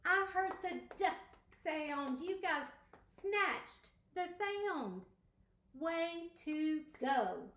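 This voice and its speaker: A woman teaching pre-K children, speaking slowly and encouragingly as she sounds out words. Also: very high voice, lively intonation, a bit bright, echoey room. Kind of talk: slow, expressive lesson for young children.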